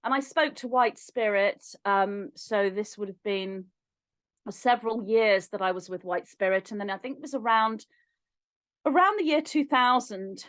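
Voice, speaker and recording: A woman as a podcast guest, telling a personal story in an animated way and acting out remembered dialogue. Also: mid-range voice, moderate pace, no room sound. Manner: animated, acts out remembered dialogue with lively shifts in voice.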